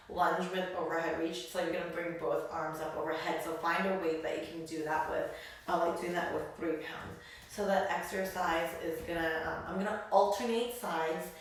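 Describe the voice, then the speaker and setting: A woman's voice: fairly low pitch, slight background noise. A woman leading a live-streamed pelvic health workout, counting reps and cueing moves while slightly out of breath. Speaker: pelvic health exercise instructor. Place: indoor room. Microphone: phone camera across the room. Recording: echoey room, voice far from the mic.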